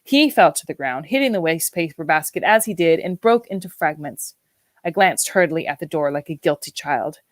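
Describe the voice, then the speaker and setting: A woman narrates a novel in a measured, reflective audiobook reading. Her voice sits fairly low and is recorded close and dry, with no room echo. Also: expressive. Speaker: audiobook reader.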